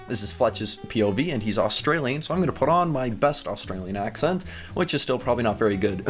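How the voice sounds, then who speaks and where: A chatty man reads fan fiction aloud with a casual, giggly manner and frequent asides. His voice sits at a middle pitch. Soft music plays faintly behind him. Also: animated, fairly quick. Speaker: YouTuber.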